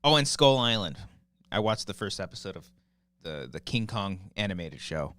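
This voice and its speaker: A man's voice: lowish voice, sing-song, normal speed, a bit bright, dry recording. A man in his thirties co-hosting a podcast, chatting loosely, joking and swearing freely. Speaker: podcast co-host. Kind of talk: casual chat.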